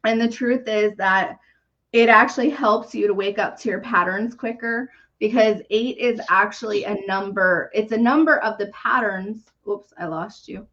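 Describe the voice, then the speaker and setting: A woman hosting a live numerology reading, talking gently and earnestly with soft fillers and small laughs. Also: medium pitch, moderate pace. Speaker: numerology reader and podcast host. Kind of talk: live reading on a video call. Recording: dull lo-fi stream audio.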